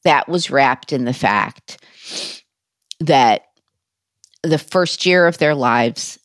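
A woman's voice: rumbling low, no echo, clean studio sound. A woman guest in an interview, telling a personal story in a candid, conversational way with wry humor.

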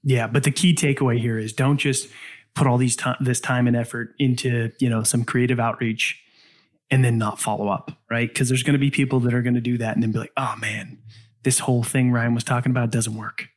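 A man hosting a podcast, asking his guest questions in a relaxed, conversational way. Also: medium pitch, brisk. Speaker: podcast host. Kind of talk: interviewing.

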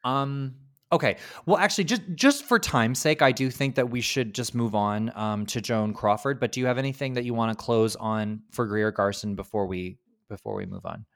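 Young male podcast co-host, lively and sweary, acts out bits. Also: mid-range voice, moderate pace. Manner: animated, swearing, acts out quotes. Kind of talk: casual film chat.

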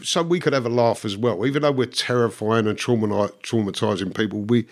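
A man's voice: lowish voice, fairly quick. A man, a guest who tells his stories bluntly, swears and laughs at himself. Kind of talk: casual storytelling.

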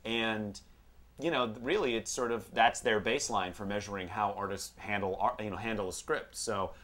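A man's voice: lowish voice, normal speed, fairly bright tone. A man in a casual podcast chat lays out a topic in long, winding explanations. His talk is packed with fillers like "you know" and "like.". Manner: explains at length, many fillers. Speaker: podcast co-host.

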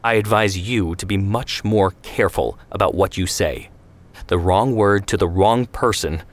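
A stern, weary father in an audio story, voiced by a man. His voice is low and commanding, and he talks in proverbs. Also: moderate pace.

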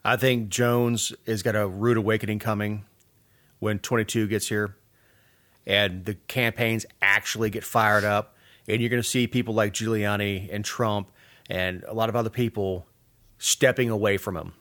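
A man's voice: fairly low pitch, fairly even intonation, moderate pace, fairly bright tone. A middle-aged man from Georgia co-hosting a casual political talk show, sarcastic and rambling, with frequent restarts.

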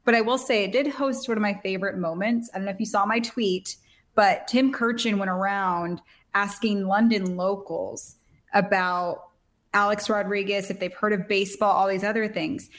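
A woman hosting a sports podcast in casual back-and-forth chat. She sounds bubbly and playful, tossing in quick asides as she talks. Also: medium pitch, steady tone. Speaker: podcast host.

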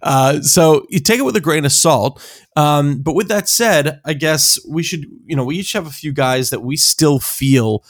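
A man's voice: on the high side, normal speed, no room sound, studio quality. A man co-hosting a podcast, talking casually with many ums and restarts. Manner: hesitant, lots of fillers, laughs easily. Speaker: podcast co-host. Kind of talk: casual chat.

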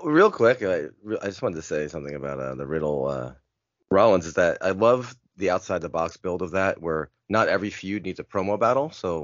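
A man co-hosting a casual wrestling podcast, talking in a halting way with many false starts. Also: low voice, no room sound. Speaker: podcast co-host. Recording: dull dry lo-fi audio.

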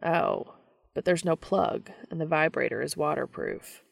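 A woman reading aloud, voicing a serious man who speaks roughly in a low growl. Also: animated, measured pace, heavily acted. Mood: earnest.

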